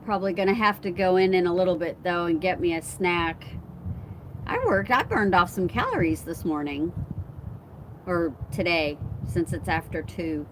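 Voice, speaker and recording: A woman with a lowish voice talks at a moderate pace over slight background noise. She's hosting a casual outdoor live stream on her phone at home amid wind and chimes, chatty and quick to laugh, going through viewers' comments and replying.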